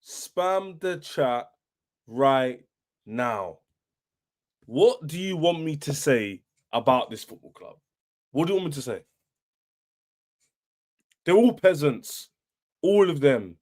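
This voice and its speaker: A man's voice: on the high side, expressive, unhurried, long pauses, a little mellow. A young man hosting a football fan livestream, boastful and taunting, repeating himself as he rants. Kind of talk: livestream rant.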